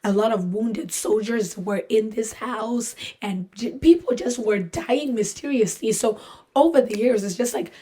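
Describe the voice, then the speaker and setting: A woman with a higher, unhurried voice hosts a podcast and tells a story casually and jokingly. She's animated, acts out what people said in voiced quotes, and fills her speech with lots of "like."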